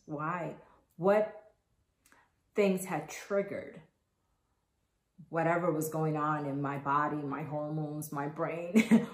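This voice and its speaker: A woman in her thirties hosts a podcast, giving a candid, earnest monologue about her own experience. Her voice sits low and moves slowly with long pauses, recorded in an echoey room.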